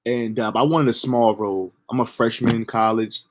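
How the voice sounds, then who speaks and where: Casting: young man, casual storyteller, profane and lively, mid-range voice. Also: mid-range voice, normal speed. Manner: animated, profane, laughs at own story. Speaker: storyteller streamer.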